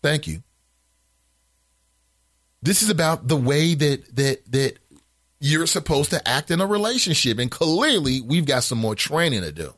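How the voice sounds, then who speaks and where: A man's voice: fairly high pitch, measured pace, long pauses, no echo, clean studio sound. A man hosting a casual call-in show, reading listener comments aloud and reacting with incredulous asides. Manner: animated, incredulous asides with laughs; reads comments aloud in a flatter tone.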